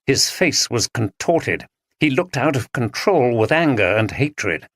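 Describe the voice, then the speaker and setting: Brief: expressive male storyteller, animated delivery, dry studio read. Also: mid-range voice, unhurried, no room sound. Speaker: audiobook narrator. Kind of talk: scripted narration.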